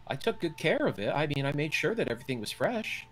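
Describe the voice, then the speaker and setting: A man's voice: a little high, very animated, fast talker, faint music behind, pitched above the performer's own voice, rough recording. A man voicing a fretful rabbit-folk woman cook, stammering and defensive. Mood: flustered.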